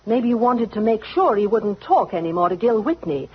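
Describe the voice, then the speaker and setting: A jealous rival woman who mocks and accuses with a sarcastic drawl for an old radio play. Her voice swoops up and down with lively pitch and a husky edge. It comes through a dull, lo-fi vintage radio recording. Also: normal speed. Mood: taunting. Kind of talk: 1940s radio drama acting.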